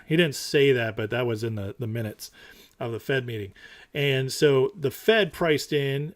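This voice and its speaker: A man hosting a casual stock market talk show, animated and opinionated, who repeats his points for emphasis. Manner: mocks others in high put-on voices.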